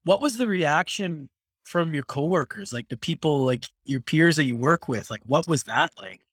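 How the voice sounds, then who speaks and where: A male podcast host talks in a relaxed, affirming way as he interviews a guest. His voice sits a little high for a man. The sound is dry, with no room echo. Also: moderate pace. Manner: affirming, conversational. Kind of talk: casual interview.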